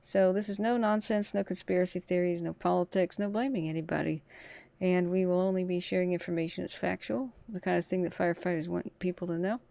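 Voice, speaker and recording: Woman, low gravelly voice, tired, chatty livestream host. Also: fairly even intonation, fairly quick, dark tone, dry recording. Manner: chatty, talks through radio traffic. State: tired from little sleep. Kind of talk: casual live commentary.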